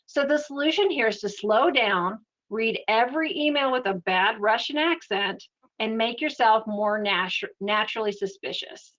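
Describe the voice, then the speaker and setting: A woman giving an educational webinar talk in a steady, explanatory, conversational way. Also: a little high, moderate pace, lo-fi sound. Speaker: webinar presenter.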